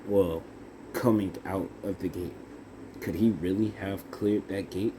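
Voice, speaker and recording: A young man improvising a fan-fiction story out loud, halting with fillers and self-corrections. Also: low-pitched, fairly even intonation, background noise.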